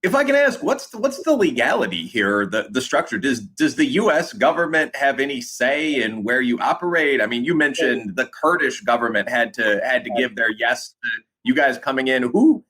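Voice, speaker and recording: Husky man asking hesitant questions. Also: mid-range voice, expressive, moderate pace, sharp tone, poor audio. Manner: hesitant, restarts words. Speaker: interviewer. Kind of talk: interview questions. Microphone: remote call.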